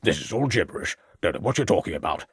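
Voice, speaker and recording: Narrated by a man, this is a low, husky-voiced gentleman who blusters and grumbles and always sounds on the defensive. His lines swing widely in pitch as he protests, and the recording is close and dry, with no room sound at all. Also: very animated, fast, no room sound, heavily acted. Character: blustering gruff middle-aged man, easily agitated. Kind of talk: audiobook character voice.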